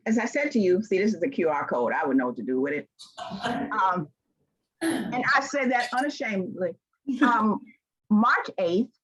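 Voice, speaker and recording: A woman's voice: high-pitched, a bit bright. An older woman from Memphis with a Southern accent, giving a heartfelt, folksy motivational talk to an audience. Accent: Southern American. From Memphis, Tennessee. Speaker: keynote speaker. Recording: dull lo-fi sound.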